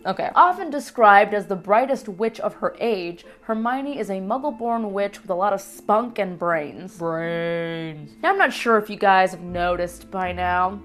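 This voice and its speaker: A young woman vlogging a comedic countdown, playful and animated, tossing in Spanish words. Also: medium pitch, measured pace, few pauses. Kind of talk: casual comedic countdown vlog. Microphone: lapel mic.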